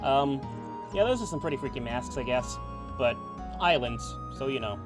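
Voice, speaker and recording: A chatty man joking his way through a video game stream, with a lively, animated pitch. Game music sounds clearly behind him. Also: normal speed. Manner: chatty, joking, reading game text aloud. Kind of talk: casual let's play commentary.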